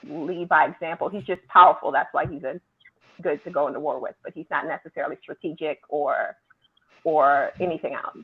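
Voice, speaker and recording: A woman's voice: on the low side, husky. A woman co-hosting a casual review chat, chatty and full of fillers. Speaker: podcast co-host. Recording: tinny phone-like line.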